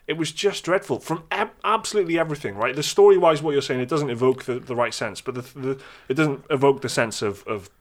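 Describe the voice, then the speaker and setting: A man's voice: mid-range voice, quick pace, few pauses. A man co-hosting a podcast in casual chat, blunt, often repeating and restarting his words. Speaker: podcast co-host.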